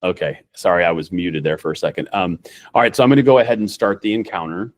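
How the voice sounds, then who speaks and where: Guy walking folks thru software on a video call, kinda low voice, lots of ums and tangents. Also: quick pace. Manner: chatty, rambling, many fillers and restarts. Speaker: nurse practitioner and trainer. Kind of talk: casual screen-share training talk.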